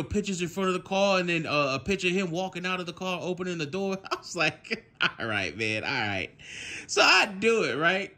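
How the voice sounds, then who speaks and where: A young man, telling a casual story at home, animated, laughing often and swearing freely. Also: high-pitched. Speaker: vlogger.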